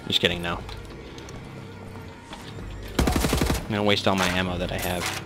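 A young man commenting on his own gameplay, excitable, swearing and muttering asides. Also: deep voice, measured pace, loud music behind the voice. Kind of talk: let's play commentary.

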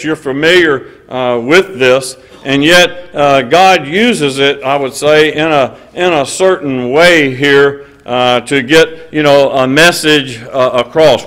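A man preaching a conversational sermon, reading scripture aloud, stressing words and often pausing on "uh" while joking with the audience. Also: on the high side, a bit bright, poor audio. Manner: emphatic, hesitant "uh" fillers, banter with the audience. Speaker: preacher at a lectureship.

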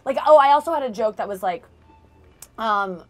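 A woman in her twenties, a comedian telling a story in a casual interview, animated and often laughing. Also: fairly high pitch, moderate pace, faint music behind. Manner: animated, laughing storyteller who acts out scenes. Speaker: stand-up comedian, interview guest.

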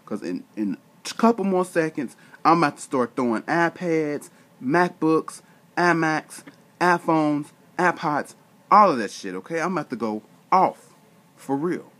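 A man's voice: medium pitch, a bit bright. A man telling a story in a casual vlog rant, exasperated and slangy, acting out bits of dialogue. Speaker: vlogger.

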